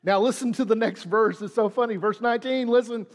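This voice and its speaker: A man's voice: very high-pitched, a little fast, in a large hall. A man preaching a sermon as pastor, repeating lines and leaning hard on them for emphasis. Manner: preaching with dramatic emphasis and repetition.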